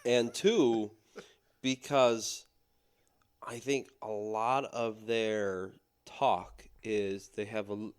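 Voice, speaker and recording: Slow, dry-witted podcast co-host man. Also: lowish voice, fairly even intonation, clear, resonant tone. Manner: dry quips, repeats words back while practicing accents. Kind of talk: casual chat.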